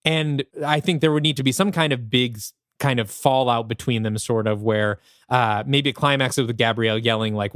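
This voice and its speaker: A man co-hosting a podcast narrates a story pitch, thinking aloud as he goes. His voice sits at an ordinary man's pitch, and the recording is dry and close. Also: steady tone, moderate pace, hardly any pauses, fairly bright tone, clean tone, dry recording. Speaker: podcast co-host.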